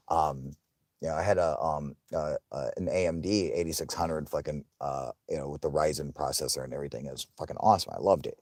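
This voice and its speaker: A man's voice: a bass voice, fairly even intonation, brisk, a little mellow, no room sound, clean studio sound. A man hosting a live stream, chatting casually with viewers in a profane, rambling way and laughing often.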